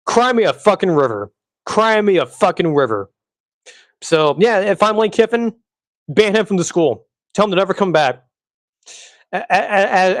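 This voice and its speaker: Male podcast host, heated profane rant, higher voice, dry close sound. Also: no echo. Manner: angry, profane, repeats himself.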